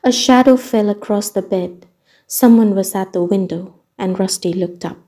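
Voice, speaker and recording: A woman storyteller reading a novel aloud in calm, measured narration. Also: medium pitch. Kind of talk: audiobook reading. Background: soft ambient music.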